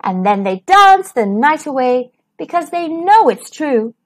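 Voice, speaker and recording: Expressive woman reading to children. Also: sits high, unhurried. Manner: expressive and sing-song. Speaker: children's storyteller. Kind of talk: reading a picture book aloud.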